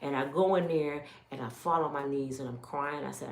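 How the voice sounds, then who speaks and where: A woman's voice: very deep voice, steady tone, moderate pace, vocal fry, reverberant, slight background noise. A middle-aged woman from Michigan telling an emotional personal testimony, emphatic and full of quoted dialogue. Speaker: testimony speaker.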